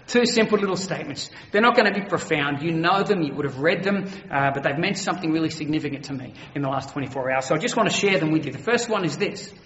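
Brief: man, high-pitched pastor, earnest emphatic sermon, roomy dull hall sound. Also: expressive, a bit bright. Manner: earnest, emphatic preaching with slowed stresses.

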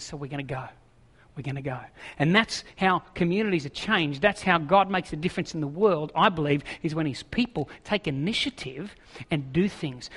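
Aussie pastor preaching, high voice, lots of reverb from a big hall, jokey and animated. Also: male voice. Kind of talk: sermon.

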